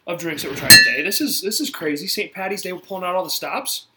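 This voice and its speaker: A man's voice: high-pitched, quick pace, very noisy. A man in his twenties co-hosting a podcast, joking and swearing freely in casual chat. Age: 20s. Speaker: podcast co-host.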